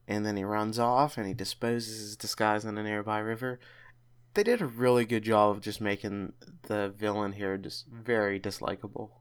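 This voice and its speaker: A man's voice: on the low side, moderate pace, smooth. A man hosting a podcast, chatting casually and often restarting his sentences. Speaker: podcast host.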